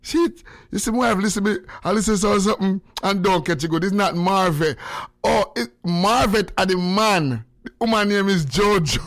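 An older man from Jamaica with a Jamaican accent, hosting a morning radio show and chatting with callers in animated, laughing patois. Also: sits high, moderate pace, slight background noise. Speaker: radio host. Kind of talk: casual radio chat with callers.

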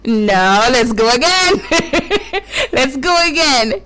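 Slow, lively high-voiced woman coaching kids. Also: poor audio. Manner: playful, encouraging, drawn-out coaching. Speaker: host leading children's tongue twisters. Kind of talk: live call-in with children.

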